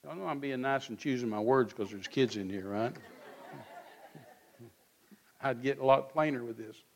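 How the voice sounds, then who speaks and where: A man's voice: mid-range voice, moderate pace, some chatter behind. A man, preaching in church in a blunt, folksy way and acting out both sides of quoted back-and-forth. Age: 60s. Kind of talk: sermon.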